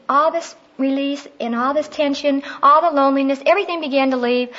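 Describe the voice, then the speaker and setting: Sharing heartfelt personal stories conversationally, a middle-aged woman gives a teaching on prayer. Her voice is fairly high and a bit bright, though the lo-fi recording makes it sound dull.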